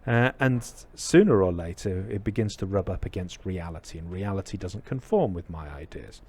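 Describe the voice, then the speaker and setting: A man giving a reflective dharma talk, telling a parable with many pauses and fillers. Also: deep voice, animated, a little mellow, a little hiss or hum. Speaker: Buddhist teacher.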